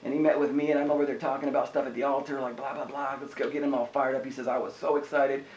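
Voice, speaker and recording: A man's voice: mid-range voice, very fast, highs cut off, a little hiss or hum. Fervent man preaching in an echoey room. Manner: energetic, conversational preaching with frequent "amen?". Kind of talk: sermon. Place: house church room.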